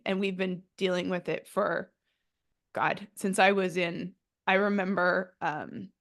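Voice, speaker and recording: Woman podcast host, gravelly voice, in tears, candid and blunt, swears freely. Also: medium pitch, a bit bright. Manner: emotional, tearful, blunt with swearing. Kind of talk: candid interview chat.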